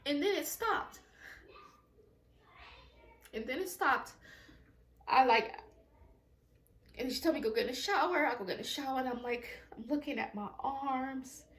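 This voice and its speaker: A woman's voice: sits high, a little slow, long pauses, a bit bright, roomy sound. A woman telling a personal story time at home, in a raw, emotional, profane way with many repetitions. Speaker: vlogger.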